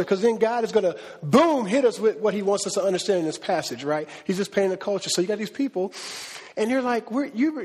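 A male pastor preaching a sermon in a lively, conversational, slangy way. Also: sits high, husky, big-room sound.

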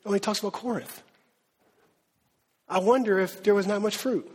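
A man with a high, slightly husky voice preaches a sermon to his congregation. He talks in a casual, animated way, slipping into slang and acting out quotes. His voice rings with the long reverb of a big hall. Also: moderate pace. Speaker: pastor. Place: church hall.

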